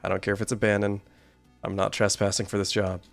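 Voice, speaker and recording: A man's voice: fairly low pitch, monotone, quick pace, gravelly, soft background music. A man streaming a horror game, joking with chat and reading story text aloud. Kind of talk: gameplay commentary and story reading.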